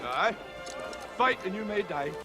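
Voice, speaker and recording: A defiant Scottish warrior. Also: male voice, high-pitched, expressive, pushed and bright, soft background music, full character voice. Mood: rousing. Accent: Scottish, uneven and mixed. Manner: slow, with long pauses between words. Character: defiant Scottish warrior rallying his men. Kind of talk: historical film speech.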